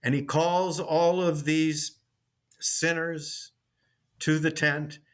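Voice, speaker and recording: A man's voice: fairly high pitch, takes it slowly, clean tone. Male sitcom writer telling a story. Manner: animated storyteller with restarts. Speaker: guest, sitcom writer and teacher. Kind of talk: interview, storytelling.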